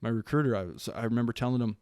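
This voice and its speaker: A mid-range male voice, fast and clean, recorded with studio quality and no echo. He's a Wisconsin Marine staff sergeant in his late thirties, guesting on a casual interview and telling animated stories full of restarts, acting out what people said to him.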